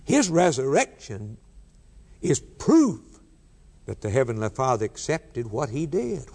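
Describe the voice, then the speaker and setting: A man's voice: medium pitch, darkish tone, breathy edge. A man preaching a sermon with emphatic, repeated refrains. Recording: long hall reverb.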